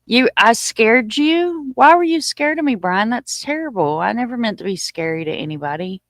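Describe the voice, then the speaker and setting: A woman's voice: on the high side, animated, normal speed, no room sound. A woman hosting a casual live stream and chatting informally with her viewers, a little short of breath. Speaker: livestream host. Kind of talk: casual livestream chat.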